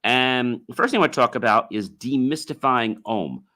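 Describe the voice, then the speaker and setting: A man hosting his own podcast, talking loosely with many fillers and repeats, and breaking into drawn-out chanted oms to show how they sound. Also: medium pitch, bright, forceful tone. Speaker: podcast host. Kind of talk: casual solo podcast talk.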